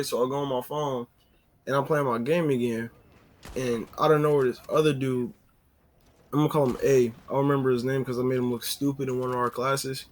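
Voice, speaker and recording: A man telling a casual story on a vlog, animated and full of fillers. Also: medium pitch, a little fast.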